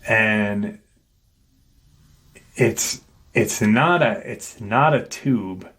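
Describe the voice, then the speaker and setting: A man hosting his channel, slowly retelling an eerie encounter in casual, rambling storytelling and acting out the voices he quotes. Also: fairly low pitch, fairly bright tone.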